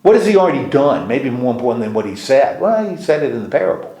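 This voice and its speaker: A man's voice: mid-range voice, very animated, fast talker, warm tone. A male pastor leading a casual Bible study, explaining at length with restarts and putting questions to the group. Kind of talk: informal teaching discussion. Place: church meeting room. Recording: echoey room.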